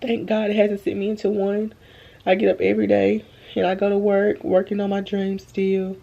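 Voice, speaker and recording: Drained young woman, gravelly voice. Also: medium pitch, monotone, dark tone, muffled recording. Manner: earnest, slow and halting, addresses viewers as y'all. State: drained, holding back tears. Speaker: vlogger. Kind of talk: emotional faith-filled vlog talk. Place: at home, bedroom. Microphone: phone camera.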